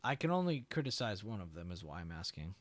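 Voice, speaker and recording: A man's voice: sits low, quick pace, no room sound. A young man hosting a live trading stream, chatting casually with viewers and walking them through charts. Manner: relaxed, chatty, swears and laughs, answers viewers.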